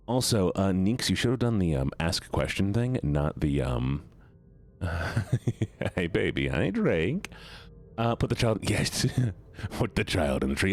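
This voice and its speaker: Giggly low-voiced male streamer. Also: sing-song, measured pace. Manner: giggly, rambling, often breaks into laughter; stumbles and restarts mid-sentence. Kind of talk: casual live-stream chat with viewers.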